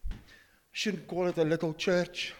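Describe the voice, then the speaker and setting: A man's voice: high-pitched, flat delivery, unhurried, long reverb tail. An older man preaching a sermon in a church, emphatic and full of rhetorical questions as he quotes scripture. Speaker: pastor.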